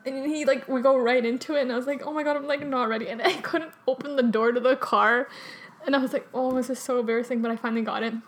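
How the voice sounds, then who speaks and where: A young woman telling a story in casual chat, animated and full of "like" and laughter. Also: high voice, quick pace.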